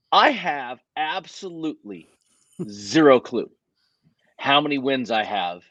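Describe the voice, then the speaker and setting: A man, a racing driver, telling stories in a casual interview, talking in an animated way with lots of restarts and self-corrections. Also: mid-range voice, slow, dry recording, muffled recording.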